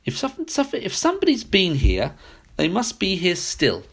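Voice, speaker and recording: A man's voice: sits high, huge pitch swings, moderate pace, creaky, a bit bright, husky, voice pushed up, full character voice. A man voicing a middling-sized mother bear in a storybook reading, with a raised, fretful voice. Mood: anxious.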